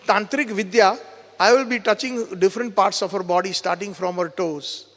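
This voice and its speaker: A man preaches at a seminar, telling the story in a lively, animated way. His voice sits high for a man and carries a long echo from the hall. He voices each character in his own speech. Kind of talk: storytelling sermon.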